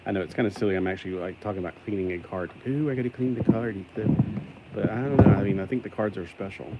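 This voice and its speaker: A man's voice: fairly low pitch, fast talker, dull audio, heavy background noise. A man talking casually on camera while cleaning a secondhand toy, rambling and self-deprecating, often grossed out. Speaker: toy collector vlogger. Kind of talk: casual unboxing vlog.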